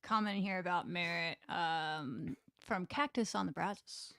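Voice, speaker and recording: A woman's voice: lowish voice, measured pace, fairly bright tone. A young woman co-hosting a casual sports recap show. She talks in a chatty way, laughs often and reads viewer comments aloud. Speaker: sports podcast co-host.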